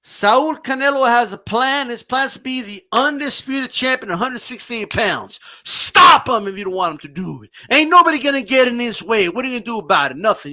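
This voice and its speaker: A man's voice: very high-pitched, pushed and bright. A man giving a brash, mocking, profane rant as a boxing commentator. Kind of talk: ranting commentary vlog.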